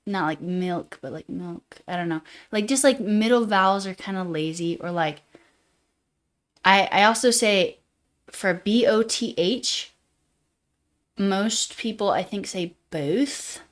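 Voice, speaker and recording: A woman with a Utah accent hosting a livestream, chatting casually in a fairly monotone way and reading chat comments aloud. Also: medium pitch, unhurried. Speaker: livestream host.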